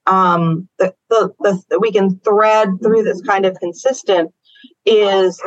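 A woman's voice: mid-range voice, no room sound, muffled recording. A woman author answering interview questions in a thoughtful, explanatory way, working her ideas out aloud. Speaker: author guest.

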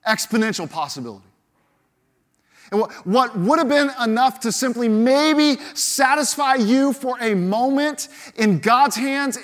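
A pastor preaching a sermon in a man's voice that sits high for a man. He moves from loud, animated lines down to hushed, slow emphasis, and often repeats a word as he starts a sentence. Now and then he briefly acts out the people in the story he is telling. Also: in a large hall. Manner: dramatic swings from loud to hushed, acting out quoted voices.

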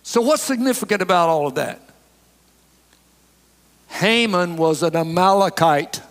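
Male pastor, high voice, emphatic folksy preaching, church reverb. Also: unhurried, a bit bright. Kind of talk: sermon. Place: church sanctuary. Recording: long hall reverb.

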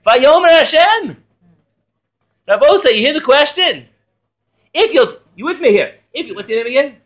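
Lively high-voiced rabbi teaching a class. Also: male voice, brisk, highs cut off. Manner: lively, quizzing students, joking. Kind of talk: animated Torah class.

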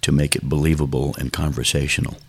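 In a reflective interview, a songwriter guest who is an older man talks in a thoughtful, unhurried manner. His voice rumbles low and sounds husky, his tone stays level, and he is a fast talker.

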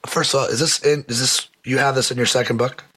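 A man's voice: mid-range voice, steady tone, fast talker, a bit bright. Rambling male podcast host. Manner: loose, rambling, many fillers. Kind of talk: casual interview chat.

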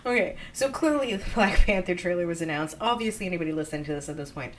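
A woman co-hosting a podcast in casual chat, telling stories excitedly, with bursts of squealing. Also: fairly low pitch, fast talker, a little hiss or hum. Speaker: podcast co-host.

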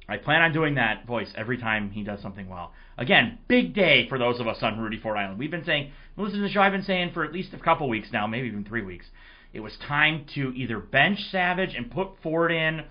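A man hosting a casual sports podcast, his voice hoarse, telling rambling, excitable stories. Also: medium pitch, muffled recording. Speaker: podcast host.

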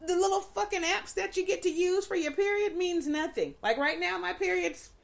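A woman's voice: very high voice, moderate pace, vocal fry. A woman in her forties hosting a podcast, chatting candidly and telling stories with laughter. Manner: candid, laughing, animated storyteller. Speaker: podcast host. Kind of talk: casual chat.

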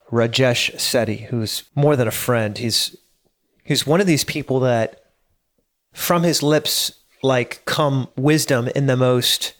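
A man in his late thirties giving a casual motivational monologue, earnest and prone to stammering and repeating words as he gets worked up. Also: mid-range voice. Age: 30s. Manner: laughs at himself now and then.

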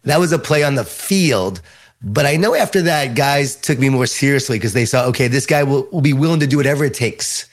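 A middle-aged man from Long Island, New York, with a Long Island accent, telling stories as an author in an interview, animated and emphatic. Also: medium pitch, a little fast. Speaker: author and leadership speaker. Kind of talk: interview storytelling.

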